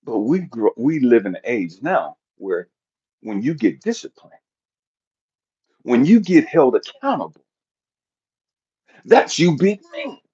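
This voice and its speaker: A middle-aged man giving a blunt, profane motivational talk, animated and jumping to shouts for emphasis. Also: medium pitch, slow, long pauses, slightly rough, dull audio. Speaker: motivational speaker.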